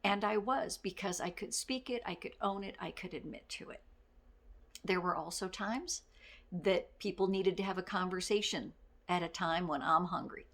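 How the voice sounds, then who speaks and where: A middle-aged woman giving a casual motivational talk as a life coach, candid and self-deprecating, with quick laughs. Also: fairly low pitch, a bit bright.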